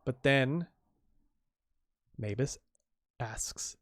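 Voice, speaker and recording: A man's voice: medium pitch, expressive, normal speed, no echo. Chatty man walking through comic panels. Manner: chatty, explains panels with frequent restarts. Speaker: comic creator reading his own comic. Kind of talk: casual comic reading with commentary.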